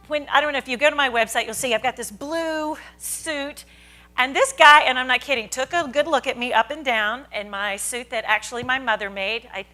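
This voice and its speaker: Bright, high-pitched woman telling a story. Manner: animated anecdote with quoted voices. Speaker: panel moderator and children's science show host. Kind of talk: conference panel talk, storytelling.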